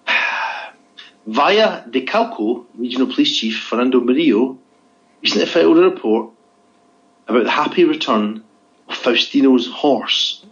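A man's voice: mid-range voice, animated, normal speed. A man co-hosting a podcast, reading out odd news items in casual chat with a dry, teasing manner and lots of "okay?" tag questions. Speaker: podcast co-host. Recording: dull lo-fi audio.

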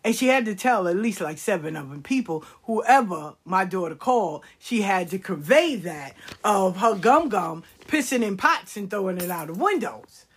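A middle-aged woman telling comedic stories in a casual, animated way, swearing freely. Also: medium pitch, moderate pace, few pauses, slightly rough. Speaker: storyteller.

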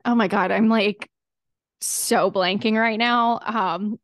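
Animated, rambling woman, dry sound. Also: medium pitch, takes it slowly, no echo. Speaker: podcast host. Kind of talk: casual podcast conversation.

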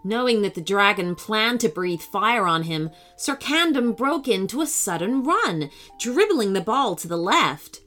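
A woman narrating a scripted children's story in an expressive, animated storytelling manner. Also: mid-range voice, a little slow, few pauses, faint music behind.

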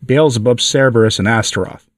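A man's voice: mid-range voice, fairly quick, no echo, recorded from a distance, natural voice. Howling defiant male demon, read aloud by a man, taunting; dry room, mic set back. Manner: shrieking, taunting.

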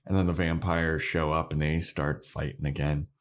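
A man's voice: extremely low pitch, level tone, moderate pace. A man co-hosting a podcast, recapping a show episode in a loose, chatty way. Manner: loose, chatty, laughing storyteller. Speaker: podcast co-host.

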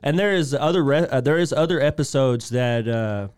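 A man's voice: medium pitch, moderate pace, clean tone, dry recording. Man in a dry, close-miked casual recap. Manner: animated, acts out quoted lines with a raised voice. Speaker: podcast co-host. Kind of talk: casual episode recap chat.

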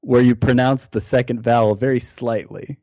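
Hesitant analyst, slightly muffled line. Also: male voice, mid-range voice, fairly even intonation, normal speed, a little mellow, no echo. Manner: hesitant, restarts often when explaining. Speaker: fantasy baseball analyst. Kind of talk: fantasy baseball podcast chat.

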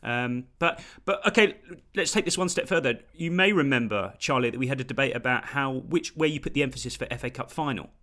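A man hosting a casual podcast conversation with a bright, forceful tone. His pitch swings widely as he talks, and he gets theatrical and loud when he makes a point. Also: animated, brisk, few pauses. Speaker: podcast host.

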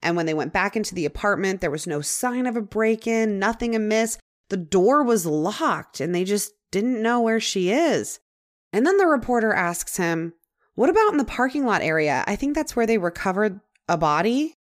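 A young adult woman hosting a podcast, telling a true-crime story in a casual, chatty way. She uses many "like" fillers and drops into dramatic pauses. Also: medium pitch, expressive. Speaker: podcast host.

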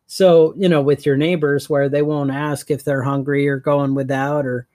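A man co-hosts a podcast, spinning rambling stories in casual conversation and laughing often. His voice is a little high and a little mellow, with a level tone and moderate pace, recorded in clean studio sound with no echo.

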